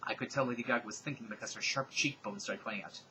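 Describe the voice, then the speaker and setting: A man giving a comedic, dramatic reading of fan fiction, with deadpan, sarcastic asides. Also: fairly low pitch, fast, slight background noise, rough recording.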